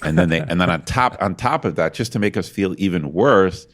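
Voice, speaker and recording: A man's voice: sits low, animated, fairly quick, a bit bright. A man co-hosting a podcast in casual chat, rambling and self-deprecating with lots of restarts. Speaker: podcast co-host.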